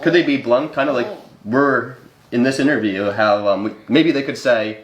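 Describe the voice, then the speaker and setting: A man conducts an interview in a gentle, friendly way, keeping a playful edge. His voice sits at a middle pitch, and the recording carries a roomy echo. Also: normal speed, dull audio, slight background noise.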